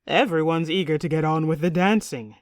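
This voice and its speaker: A woman reads a blustering, half-drunk king in a storybook, loud and pompous. The recording is close and dry. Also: low voice, fairly quick, dry recording, natural voice. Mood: jovial. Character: boisterous tipsy middle-aged king. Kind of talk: audiobook character reading.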